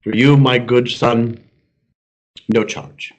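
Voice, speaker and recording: A man voicing God in a joke, speaking slowly and grandly with fatherly tenderness. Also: darkish tone, close to an everyday voice. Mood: solemn. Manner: slow, deep and grandly tender. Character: slow solemn male God, fatherly.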